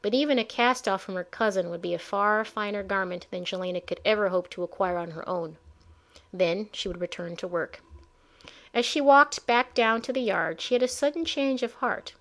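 Woman narrator with a middle-pitched voice, reading a storybook with measured expression. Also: a bit bright. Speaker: audiobook narrator.

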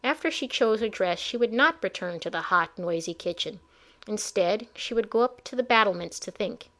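Woman narrator with a middle-pitched voice, reading a storybook with measured expression. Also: expressive, fairly bright tone. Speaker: audiobook narrator.

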